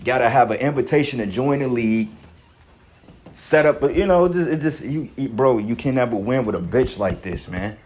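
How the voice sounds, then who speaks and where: A man's voice: mid-range voice, lively intonation, normal speed, darkish tone, slight background noise. A man commentating on a video clip in an angry, profane rant, emphatic and full of restarts. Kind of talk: heated reaction rant.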